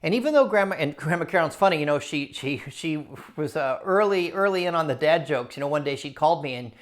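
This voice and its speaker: A man telling his own story to camera in a casual, animated way, repeating phrases for emphasis. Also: fairly high pitch, fast. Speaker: culinary storyteller and writer.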